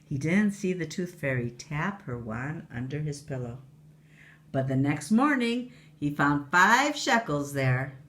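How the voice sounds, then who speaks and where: A woman reading a storybook aloud to a child in an expressive, lively way. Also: deep voice, unhurried, slight background noise.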